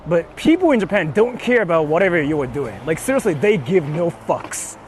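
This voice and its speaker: A man's voice: a little high, very animated, fairly quick, a little mellow, a little hiss or hum. A young man chatting casually on a stream from a car, reading donations, playful and sweary.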